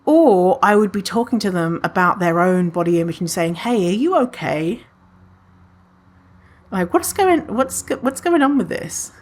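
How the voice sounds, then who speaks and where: A woman hosting her own podcast, chatting casually with a lively, swooping voice. She swears freely and laughs at her own remarks. She keeps things loose and animated and acts out what she imagines others think. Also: lowish voice, normal speed, hardly any pauses. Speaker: podcast host. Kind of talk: casual solo podcast talk.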